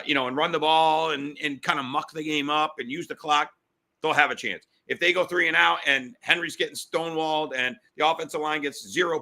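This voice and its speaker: A middle-aged man hosting a sports betting podcast, talking fast and fired up, repeating himself. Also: fairly high pitch, pushed and bright.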